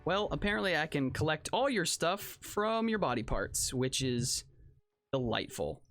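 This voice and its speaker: An excitable let's play host talking through a game in casual commentary. The voice swoops up and down with lively pitch, jumping from sudden outbursts to wry, self-mocking asides aimed at viewers. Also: a little slow, soft background music. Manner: excitable, reacts aloud to the action.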